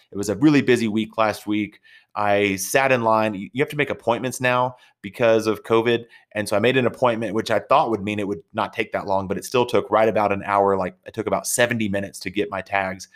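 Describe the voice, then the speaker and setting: A man, an entrepreneur hosting his own show, telling a casual story in a chatty, rambling way with frequent repeated words. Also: lowish voice. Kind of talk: casual anecdotal monologue.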